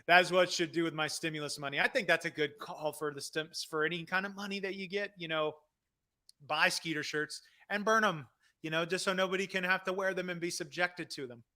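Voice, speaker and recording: A man's voice: fairly high pitch, steady tone, fairly quick, bright, forceful tone. A man hosting a comedy wrestling talk show, rambling casually through viewer questions with self-deprecating asides.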